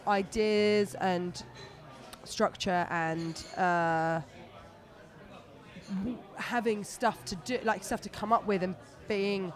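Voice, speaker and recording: A stand-up comedian in relaxed interview mode, talking in long, rambling runs full of restarts and asides. The tone is self-deprecating and chatty, at an everyday pitch. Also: takes it slowly. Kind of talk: casual interview chat.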